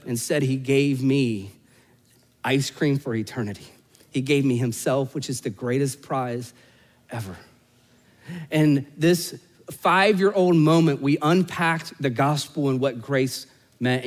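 In a big-room sound, a male pastor in his forties preaches with a mid-range voice, weaving joking asides to the congregation into a family story. He alternates between emphatic, loud peaks and soft, hushed passages.

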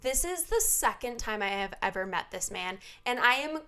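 A woman's voice: on the high side, big pitch swings, normal speed, sharp tone, clear, resonant tone. A young woman co-hosting a podcast, telling a story in casual chat, full of "like" fillers and laughter. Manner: chatty storytelling, laughs often, many "like" fillers. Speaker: podcast co-host.

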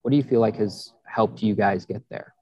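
A man's voice: lowish voice, moderate pace, mellow, slightly rough, dry recording. A man hosting a podcast interview, asking loosely phrased questions with frequent restarts. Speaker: podcast host. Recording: dull, slightly muffled dry audio.

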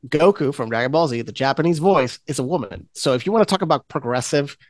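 A man's voice: a little high, expressive, fast, no echo. A man hosting a casual podcast chat, rambling with many restarts. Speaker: podcast host.

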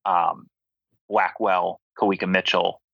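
A man's voice: low voice, flat delivery, slow, creaky, slightly rough, no room sound. A young man from Philadelphia co-hosting a sports podcast in easygoing casual chat, thinking aloud. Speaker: podcast co-host. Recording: dull lo-fi home recording over call.

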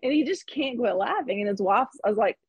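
A woman's voice: fairly high pitch, lively intonation, fairly quick, breathy edge, dry recording, lo-fi sound. A woman in her thirties telling a personal story in conversation, candid and reflective, with laughs between thoughts. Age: 30s. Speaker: guest.

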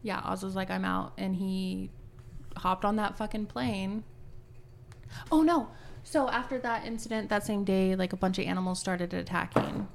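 A woman's voice: mid-range voice, steady tone, normal speed, vocal fry, slight background noise. A woman co-hosting a podcast, animatedly retelling a book chapter in casual chat, swearing freely. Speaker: podcast co-host.

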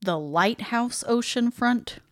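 A woman's voice: on the high side, expressive, slow, a bit bright, dry recording, clean studio sound. Chatty wry woman podcast host. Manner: chatty, wry, laughs easily, reads notes aloud with asides. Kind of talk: casual chat, reading research aloud.

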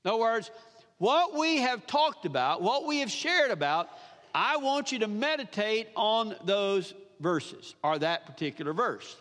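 A man's voice: sits high, very animated, unhurried, a bit bright. A male pastor, preaching a sermon emphatically, repeating phrases and asking the congregation questions. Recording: long hall reverb.

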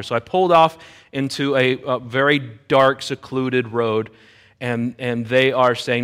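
A middle-aged man preaching a sermon, leading into his point through an animated personal story. His voice sits in an ordinary middle pitch. He moves between plain narration and acted-out quotes of the people in the story. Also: normal speed, smooth. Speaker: pastor.

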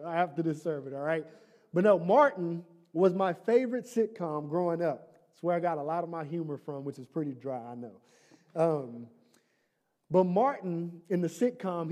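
High-voiced, mellow preacher. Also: male voice. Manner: conversational, humorous, with rhetorical questions. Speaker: pastor. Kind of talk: sermon.

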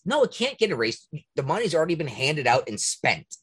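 Husky, fired-up man ranting. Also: fairly high pitch, fairly quick. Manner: profane, indignant, animated. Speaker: podcast host. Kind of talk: heated casual rant.

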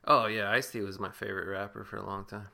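A man's voice: fairly low pitch, level tone, fast talker, gravelly, pushed and bright. A man co-hosting a casual movie commentary podcast, rambling and swearing loosely with lots of fillers. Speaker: podcast co-host.

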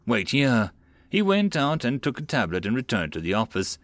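A man narrating a web novel audiobook in a lively storytelling manner. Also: medium pitch, fairly quick, no room sound.

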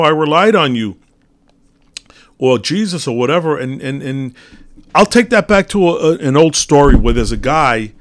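A man giving a casual, rambling monologue on spiritual teachings, telling a parable with many fillers and restarts. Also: mid-range voice.

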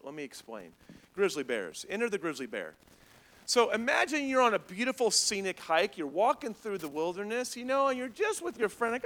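A man preaching a sermon as a pastor, animated and comedic, acting out little scenes to make his point. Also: sits high.

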